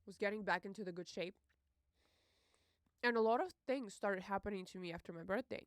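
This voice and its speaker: A young woman hosting a podcast, telling a personal story in an emotional, halting way, with many fillers and curses. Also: medium pitch, no room sound, clean studio sound. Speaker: podcast host.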